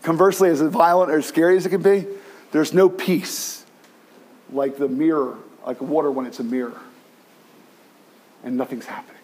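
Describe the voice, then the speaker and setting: High-voiced pastor preaching animatedly. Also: male voice, moderate pace, long pauses, slightly rough. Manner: animated, many restarts, acts out quoted cries. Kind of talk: sermon.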